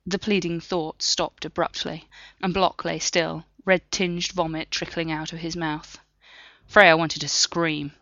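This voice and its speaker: A woman narrating a story in a steady, measured reading. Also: sits low, no room sound, highs cut off. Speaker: audiobook narrator. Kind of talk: scripted narration.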